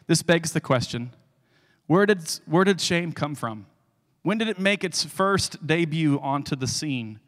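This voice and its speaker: A male guest speaker preaching a sermon, telling the story with animated energy and dropping to hushed tones for scripture. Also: a little high, a little slow, in a large hall.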